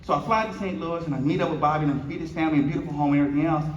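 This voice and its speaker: At a banquet hall luncheon, a fifties-aged keynote speaker with a slightly high voice rattles off stories at rapid-fire speed, performing the dialogue with humor and bantering with the crowd. There's a little hiss or hum, and the recording sounds distant, echoey and a bit dull.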